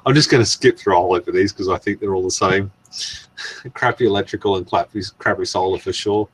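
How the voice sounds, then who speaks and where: A man's voice: low voice, fairly even intonation, moderate pace, husky. A man hosting a casual live stream, rambling and chuckling as he goes through viewer comments. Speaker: channel host.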